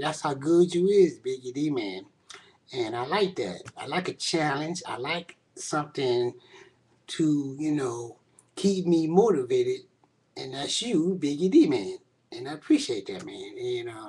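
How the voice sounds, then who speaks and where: A man recording a casual video reply to another creator on a webcam microphone. He heaps praise on the other person over and over, and ends many phrases with "man.". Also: fairly high pitch. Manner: effusive, repetitive praise, often ending phrases with "man". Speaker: video blogger.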